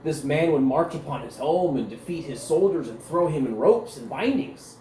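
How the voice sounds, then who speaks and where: A man's voice: on the high side, expressive, normal speed, hardly any pauses, dark tone, slight background noise. A man narrating a tabletop game as game master, telling the story in a vivid, loose way with restarts. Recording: roomy recording with faint ambience.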